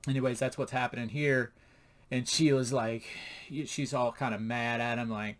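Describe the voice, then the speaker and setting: A man's voice: medium pitch, flat delivery, normal speed. A man casually reviewing a comic book, rambling and laughing at its jokes.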